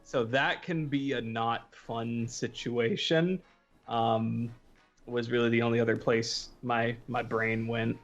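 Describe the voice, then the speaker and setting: Measured, thoughtful podcast man. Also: medium pitch, fairly even intonation, highs cut off, soft background music. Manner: measured, thoughtful, hesitant fillers. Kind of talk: casual podcast chat.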